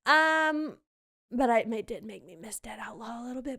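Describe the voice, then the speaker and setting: A woman's voice: fairly high pitch, animated, normal speed, pushed and bright. A young woman hosting a podcast, chatting casually and gushingly about theater shows with lots of fillers. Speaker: podcast host. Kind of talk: casual theater review chat.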